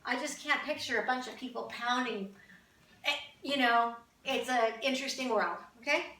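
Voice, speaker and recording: A woman's voice: high voice, moderate pace, sharp tone, echoey room, distant mic, poor audio. A woman from Canada chatting casually to camera as a vlogger, with wry, amused asides.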